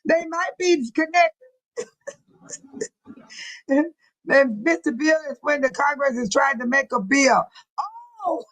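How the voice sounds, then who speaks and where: A woman's voice: sits high, takes it slowly, pauses often, no room sound, low-quality recording. An older woman hosting a casual livestream, chatting with her commenters and laughing often. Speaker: livestream host reading chat.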